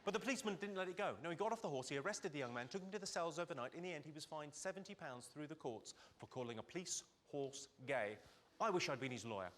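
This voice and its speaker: A man doing stand-up comedy on stage with deadpan one-liners and sharp timing. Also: a little high, quick pace, noisy background. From Britain. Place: stage before a live audience. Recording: loud audience laughter over live show.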